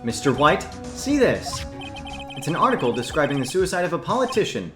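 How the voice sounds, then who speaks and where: A man's voice: on the high side, very animated, brisk. A man voicing an earnest young lawyer. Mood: accusing. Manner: earnest, accusing. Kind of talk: fan voicing of a game playthrough. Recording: roomy echo, game music. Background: game music.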